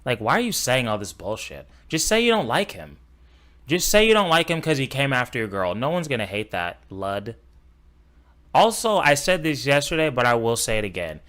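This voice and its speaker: Blunt, mocking streamer guy, bright voice. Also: medium pitch, sing-song, normal speed. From Los Angeles, USA. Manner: blunt, mocking, swears freely. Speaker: streamer reacting to videos. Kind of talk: casual reaction commentary.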